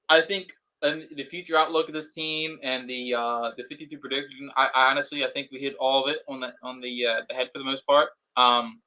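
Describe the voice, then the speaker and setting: A man hosting a casual sports podcast, animated and often restarting his sentences. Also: mid-range voice, low-quality recording. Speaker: podcast host.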